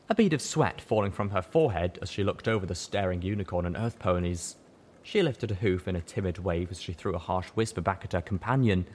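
A man narrating a fan fiction audiobook with expressive storytelling. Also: low-pitched, fairly quick, a little hiss or hum.

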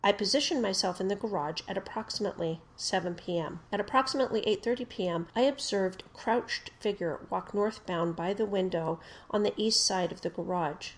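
A woman reading an official police report aloud in a steady, formal narration. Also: mid-range voice, brisk, few pauses. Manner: steady, formal delivery that gets louder on quoted shouts.

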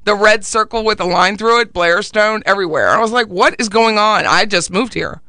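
A man co-hosting a casual talk show, opinionated and animated, laughing easily. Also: sits high, a little fast, clear, resonant tone, no room sound. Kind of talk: casual radio chat.

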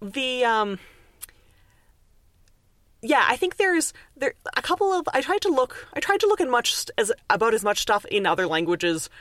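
A woman's voice: fairly high pitch, sing-song, normal speed, fairly bright tone, no room sound, studio quality. A woman from Canada, an author and linguist, explaining language in a casual podcast interview, chatty with many fillers and restarts.

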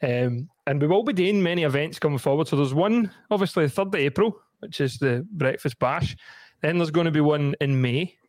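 Scottish male podcast host, chatty and laughing, slightly high voice, dry close studio sound. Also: expressive, brisk, darkish tone, no echo. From Scotland. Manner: chatty, laughing often, frequent ums. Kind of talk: casual podcast chat.

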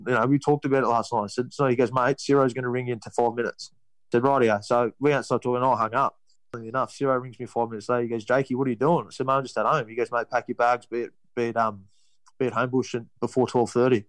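A man's voice: medium pitch, level tone, fast talker, no echo, poor audio. A young Australian man telling a story in a casual interview, rambling, with many restarts. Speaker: guest, rugby league player.

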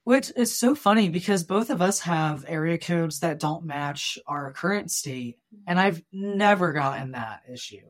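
A woman co-hosting a podcast, chatty and quick to react in casual talk. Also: fairly low pitch, animated. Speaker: podcast co-host. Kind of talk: casual chat.

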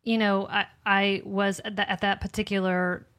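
A woman's voice: mid-range voice, level tone, normal speed, a bit bright. Affirming woman pastor in conversation. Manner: affirming listener, many "mm-hmm"s, teaching asides. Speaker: pastor and host. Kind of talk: casual ministry conversation.

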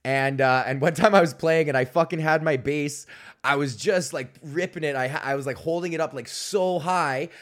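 A man's voice: fairly high pitch, normal speed, a bit bright. A young man hosting a podcast, telling rambling, profane stories in a casual monologue and laughing often. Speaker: podcast host.

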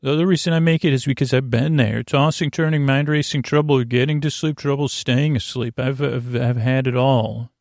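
A man hosting a sleep podcast, talking in a creaky voice and wandering off on tangents in a meandering bedtime ramble. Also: medium pitch, fairly even intonation, normal speed, hardly any pauses, a little mellow, no echo, studio quality.

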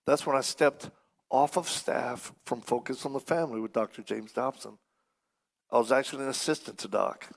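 A man with a gravelly, slightly rough voice preaches to a church congregation. He tells a story with humor and animation, acting out each person in it. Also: mid-range voice, moderate pace. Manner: animated, acts out the people in his stories. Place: church service before a congregation.

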